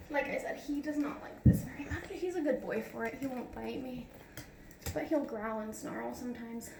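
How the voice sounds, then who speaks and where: Woman groomer, casual home tutorial, slightly high voice, chatty, mic a little far off. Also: moderate pace, vocal fry, background noise. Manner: chatty, laughs often, coos to her dog. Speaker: dog groomer. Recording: roomy sound from a distant mic.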